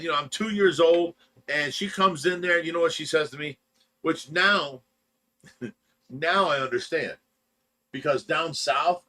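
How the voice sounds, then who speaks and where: Bright-voiced man telling rambling stories. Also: fairly high pitch. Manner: rambling, laughs through his own stories. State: tired from lack of sleep. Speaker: livestream host. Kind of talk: casual storytelling chat.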